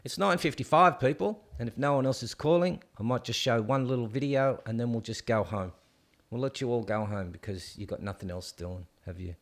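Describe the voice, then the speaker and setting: A man with an Australian accent hosts a live call-in stream. He talks in a chatty, excitable way and keeps calling everyone "mate" and "people". His voice sits at an ordinary middle pitch. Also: a little fast. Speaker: host of a live call-in show.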